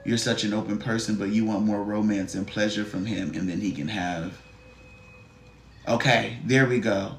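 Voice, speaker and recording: A man's voice: fairly low pitch, fairly even intonation, moderate pace, a bit bright, a little hiss or hum. A man giving a live-stream card reading, blunt, profane and sassy, talking straight to the viewer and greeting chatters. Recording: roomy echo.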